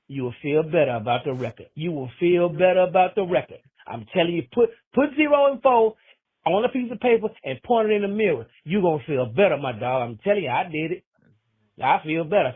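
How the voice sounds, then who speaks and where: A man's voice: high-pitched, husky. A man leaving a rambling, joking voicemail full of slang. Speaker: voicemail caller. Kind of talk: casual phone message. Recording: tinny phone line.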